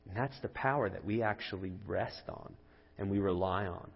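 A man's voice: low-pitched, moderate pace, gravelly, slightly rough. A man in his thirties preaching a sermon as a pastor, telling a story in an earnest, conversational way with rising emphasis. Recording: dull lo-fi audio with long hall reverb.

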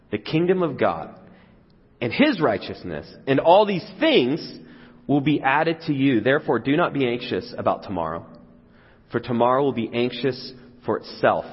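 A man's voice: medium pitch, husky. A man preaching a sermon in a casual, conversational way, sometimes acting out the voices of the crowd. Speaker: pastor. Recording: dull sound with long hall reverb.

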